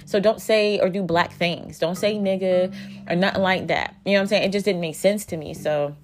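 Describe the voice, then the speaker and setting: A woman's voice: fairly low pitch, steady tone, a little fast. A woman in her thirties telling a dating story in a casual vlog, blunt and profane, with a sarcastic edge. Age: 30s. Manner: blunt, profane, sarcastic, talks back and forth. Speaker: vlogger.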